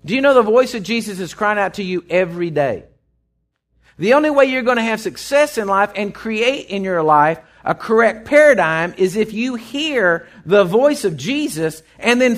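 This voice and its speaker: Folksy Texan preacher, lively pitch. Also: male voice, moderate pace. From Texas. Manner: folksy storytelling, swings from loud to hushed. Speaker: pastor. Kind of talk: sermon.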